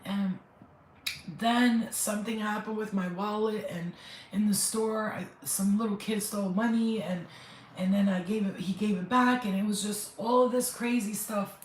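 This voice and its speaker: A middle-aged woman, a spiritual healer, talking to viewers on a live stream while crying, rambling and emotional. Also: medium pitch. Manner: tearful, rambling, talks straight to viewers. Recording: echoey room, faint background noise.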